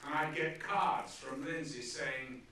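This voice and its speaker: A man's voice: on the high side, takes it slowly, slight background noise. A man telling anecdotes onstage as a guest at a film screening, acting out the people in his stories. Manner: animated storyteller acting out quotes. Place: large theatre hall. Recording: echoey theatre from far off.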